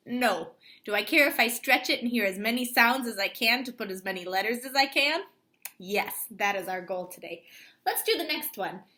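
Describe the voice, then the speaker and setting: A woman teacher giving a distance-learning lesson to children, sounding out words slowly and clearly. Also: fairly high pitch, sharp tone. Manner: slow, clearly stretched-out word sounding.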